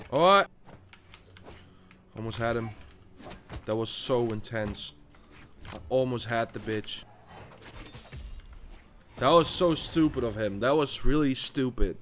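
A young man commentating his own gameplay, swearing constantly and swinging between furious shouts and low muttering to calm himself down. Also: slow, long pauses, a little hiss or hum. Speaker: gaming YouTuber.

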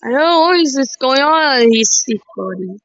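A woman giving excited gameplay commentary, shrieking exclamations and repeating herself. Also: high-pitched, normal speed, clear, resonant tone, no room sound. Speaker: gaming commentator. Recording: dry, dull lo-fi mic.

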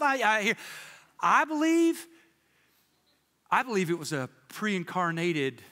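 A man preaching a sermon as pastor, telling stories in an animated, joking way with playful quoted voices, in a church sanctuary. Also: very high-pitched, in a large hall.

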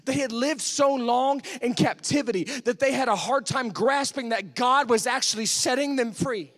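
A man preaching a Pentecostal sermon in a church, swinging from hushed pleading to full shouts. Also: extremely high pitch, normal speed. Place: church sanctuary.

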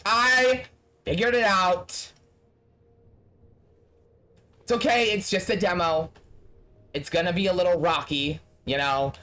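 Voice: medium pitch, steady tone, measured pace, sharp tone. Profane, exasperated game streamer. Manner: profane, exasperated running commentary. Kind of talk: casual live-stream gameplay talk.

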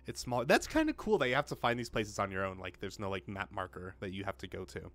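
A man's voice: medium pitch, fairly quick, few pauses, a bit bright. A young man casually narrating his gameplay at a home mic, reading dialogue aloud and joking at himself, swearing now and then. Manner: chatty, self-mocking, swears when frustrated. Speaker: let's play gamer. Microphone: home desk mic with pop filter.

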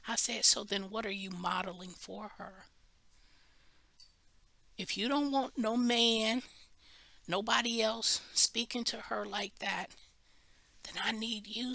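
Woman preaching at bible study, bright voice, lively storytelling, stumbles and restarts for emphasis, dry close sound. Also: medium pitch, unhurried, creaky, pauses often, no echo. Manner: animated storytelling, acts out quoted voices.

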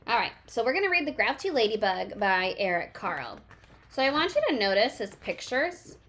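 A woman's voice: on the high side, big pitch swings, moderate pace, fairly bright tone. A young woman teacher reading a picture book aloud to her class and chatting with the children, encouraging and full of ums and likes.

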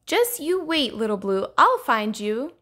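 A proud young male fish who hates to lose sulks and protests in a slightly breathy voice, played by a woman. His pitch swings widely as he complains. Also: sing-song, measured pace, sharp tone, heavily acted. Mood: indignant. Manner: sulky, indignant.

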